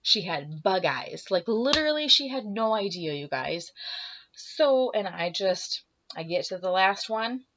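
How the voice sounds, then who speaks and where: A woman's voice: mid-range voice, measured pace. A young woman chats to her camera, telling a personal story and acting out both sides of a conversation, sometimes dropping into whispers. She sounds a little emotional and teary. The recording is slightly dull and lo-fi. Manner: animated, acts out dialogue, drops to whispers. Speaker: vlogger.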